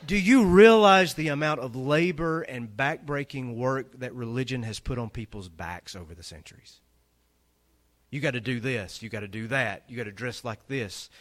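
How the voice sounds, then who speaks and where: Lively, emphatic male preacher. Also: moderate pace. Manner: emphatic preaching, rising to loud peaks and dropping low. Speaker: pastor. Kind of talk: sermon.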